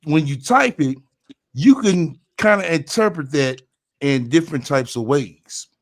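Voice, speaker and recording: A man's voice: on the high side, expressive, unhurried. A man hosting a casual chat, agreeing often and explaining in a loose, slangy way. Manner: casual, agreeable, says "you know what I'm saying". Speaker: host.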